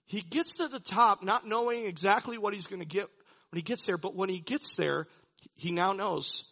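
A man's voice: high voice, gravelly, bright, forceful tone. A man preaching a sermon, animatedly retelling a Bible story and chuckling as he goes. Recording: dull lo-fi recording.

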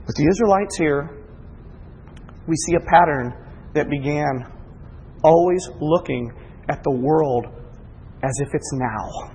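Guy preaching, kinda high husky voice, big echoey church hall, goes loud then real soft. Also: slow pace, long pauses, slight background noise. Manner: swings from raised emphatic lines to hushed intimate asides. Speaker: pastor. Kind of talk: sermon. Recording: husky voice with long reverb of a large hall.

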